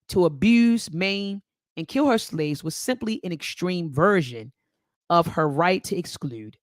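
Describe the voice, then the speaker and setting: A woman's voice: fairly low pitch, no echo. A woman hosting a book club, reading passages aloud and commenting with passion, addressing listeners as family and repeating phrases for emphasis, at times near tears. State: near tears, voice dropping low.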